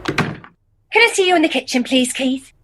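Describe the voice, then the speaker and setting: Fussy flustered high-voiced woman. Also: expressive, normal speed, background noise. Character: fussy middle-aged woman helping run a nativity. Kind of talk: comedy radio sitcom acting.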